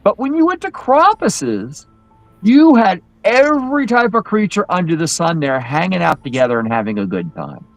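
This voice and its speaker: A man chatting casually on a live show as a guest in Krampus costume, telling animated stories with many restarts. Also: high-pitched, normal speed, no room sound, soft background music, low-quality recording. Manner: animated, acts out quoted voices, many restarts.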